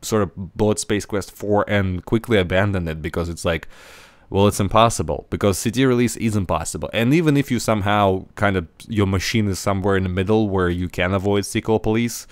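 A man with a lowish, smooth, resonant voice chats casually as a podcast host. He talks in halting runs, restarting and repeating words as he searches. The sound is dry and close, with no room around it. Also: no echo.

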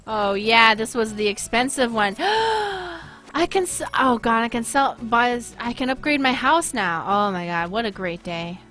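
A woman with a Boston accent giving live gameplay commentary, excitable, gasping and laughing often. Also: fairly high pitch, normal speed, hardly any pauses, soft background music. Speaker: streamer.

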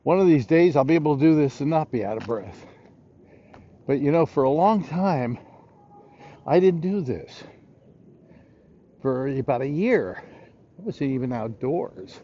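Walking through a big city park, an older show host rambles and chats on a casual livestream, out of breath and pausing often. His warm, expressive voice sits on the high side, heard through lo-fi sound with slight background noise.

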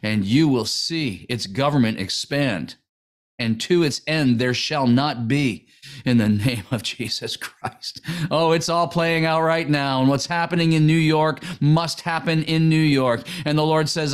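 A man's voice: sits high, moderate pace, a bit bright. A man preaching and praying fervently, with impassioned, repeated declarations that rise into exclamations. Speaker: preacher making prayer decrees. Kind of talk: fervent prayer and sermon.

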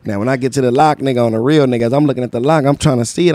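Animated storytelling man, dry sound. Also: mid-range voice, very fast, no room sound. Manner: animated storyteller, heavy slang, acts out quotes. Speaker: podcast host. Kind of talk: casual storytelling chat.

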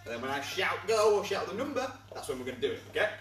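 A man's voice: a little high, sing-song, racing, fairly bright tone. A man teaching a kids' martial arts class to camera, upbeat and encouraging, explaining each step while demonstrating the moves. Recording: echoey room, from far off, faint music.

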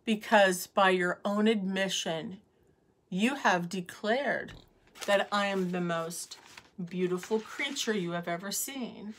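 A woman voicing a calm, clever young princess in a storybook reading, speaking quietly and humbly. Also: mid-range voice, slow.

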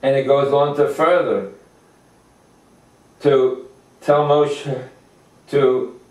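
Slow, halting older man teaching Torah. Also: mid-range voice, darkish tone. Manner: halting, many fillers and restarts. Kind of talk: informal religious lecture. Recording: echoey room, distant mic.

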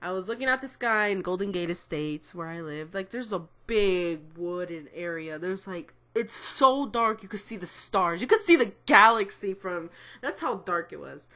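Speaking to camera at normal speed, a woman in her twenties with a mid-range, fairly bright voice and lively intonation tells a rambling personal story. This vlogger keeps it casual, cursing and catching her own mistakes as she goes.

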